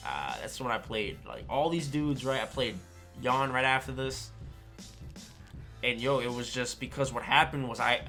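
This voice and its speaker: A man chatting casually on a stream, telling a story in an animated way with slang and swearing and often checking in with his listeners. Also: medium pitch, normal speed, faint music behind. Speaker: streamer and fighting game player. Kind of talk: casual chat.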